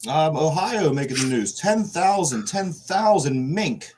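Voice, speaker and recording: A man's voice: on the high side, expressive, a little slow, a little mellow, slight background noise. A man from the Pittsburgh area co-hosting a sports podcast, rambling with restarts and casual swearing as he reads the news. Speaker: podcast co-host.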